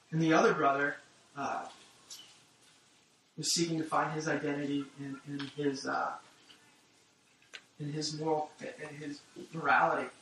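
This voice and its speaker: A man's voice: fairly high pitch, a bit bright, slight background noise. A man giving a casual, conversational sermon with many fillers and restarts, recorded from a distance in an echoey room. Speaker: preacher.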